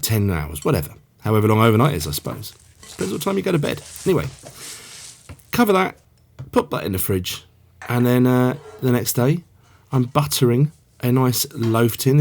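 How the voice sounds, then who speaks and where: A man's voice: mid-range voice, darkish tone, a little hiss or hum. A man hosting a casual cooking tutorial, chatting along with rambling asides. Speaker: cookery show host.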